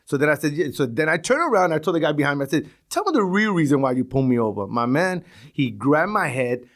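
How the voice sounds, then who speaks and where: This podcast guest is a middle-aged Brooklyn man from East New York whose voice sits a little high and moves at a quick clip. With a New York accent, he spins casual, animated stories, cursing freely and performing each character's voice.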